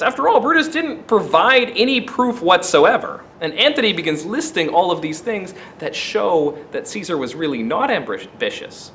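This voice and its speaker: A man teaching a literature lesson, explaining the play in an animated way with wry asides. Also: on the high side, moderate pace, hardly any pauses, a little hiss or hum.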